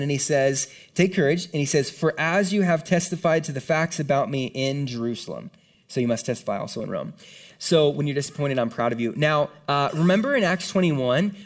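A man preaches to a congregation in a fairly high voice. He talks in an earnest, conversational way, breaking into quick asides and acting out the lines he quotes. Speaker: pastor. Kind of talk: sermon. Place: church hall before a congregation.

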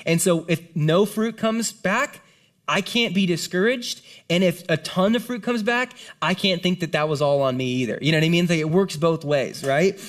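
Earnest pastor with a casual preaching style. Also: male voice, on the high side. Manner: casual, earnest, asks "right?" often. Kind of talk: conversational sermon. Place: room with a live congregation.

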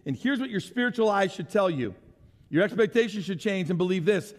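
High-voiced animated male pastor. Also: fairly quick, big-room sound. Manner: animated, conversational preaching with sound effects and audience questions. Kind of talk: sermon.

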